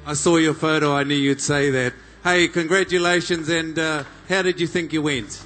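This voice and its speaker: A man's voice: steady tone, moderate pace, faint music behind. A man, working as a live event MC, rousing the crowd and joking with competitors. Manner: loud, jokey, booming crowd-rousing. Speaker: event MC and interviewer. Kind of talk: live arena announcing and interviews.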